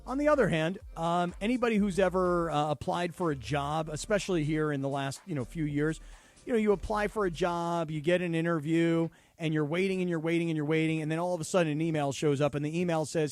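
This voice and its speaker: A man's voice: fairly high pitch, brisk, dry recording. A man in his fifties co-hosting a sports radio show, telling stories in casual talk and acting out the voices of people he quotes. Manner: animated storyteller acting out quotes.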